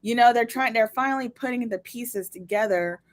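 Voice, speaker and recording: A woman's voice: fairly high pitch, moderate pace, dry recording. A woman co-hosting a podcast, chatting casually about a TV episode and often saying "you know" and "like". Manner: conversational, fillers like "you know" and "like", acts out quoted thoughts. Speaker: podcast co-host. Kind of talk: casual chat reviewing a TV episode.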